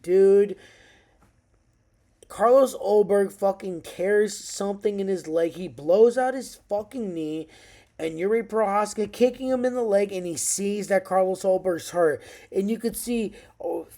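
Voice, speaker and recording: A man in his thirties giving an excitable, profanity-heavy casual recap of a fight night as a vlogger. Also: high voice. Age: 30s.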